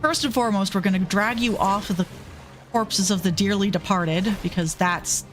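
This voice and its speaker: A woman's voice: mid-range voice, moderate pace. Woman gamer, wry, self-deprecating, casual swearing, faint music underneath. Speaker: streamer. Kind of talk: casual gameplay commentary.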